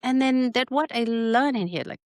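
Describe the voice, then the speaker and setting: A middle-aged woman with a Thai accent, a spa business founder telling her story in an interview in lively, broken English. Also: a little high, normal speed, no echo, studio quality. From Northern Thailand. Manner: animated storytelling with broken English, laughs often.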